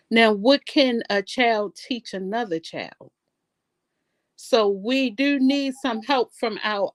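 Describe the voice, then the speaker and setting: A woman's voice: medium pitch, dry recording. A young woman, a guest on a talk show, speaking emphatically and repeating her phrases. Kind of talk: casual panel talk.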